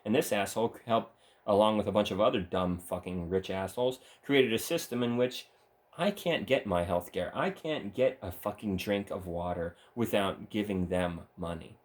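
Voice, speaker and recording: Lowish-voiced man on a profane rant. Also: normal speed. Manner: profane, scornful ranting. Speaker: channel host. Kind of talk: solo ranting monologue.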